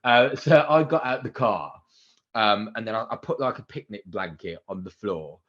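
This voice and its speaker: A man in his thirties, a radio presenter, telling animated stories as a podcast guest and acting out the quotes. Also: lowish voice, normal speed, muffled recording. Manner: animated anecdotes with acted-out quotes and excited outbursts. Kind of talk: casual interview storytelling.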